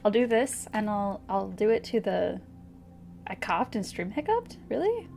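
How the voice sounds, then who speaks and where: A woman streamer casually thinking aloud over a puzzle game, hesitant and giggly, with soft music behind. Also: mid-range voice, measured pace, gravelly. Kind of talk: casual gameplay commentary. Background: soft background music.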